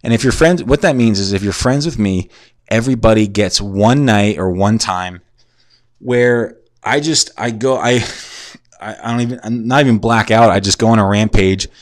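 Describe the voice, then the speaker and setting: Man in his twenties, low voice, dry close sound, rambling profane storytelling, drunk and concussed, at home. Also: moderate pace, dry recording. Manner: crude, profane, digressive, self-mocking. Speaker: podcast host. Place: at home in a shared house.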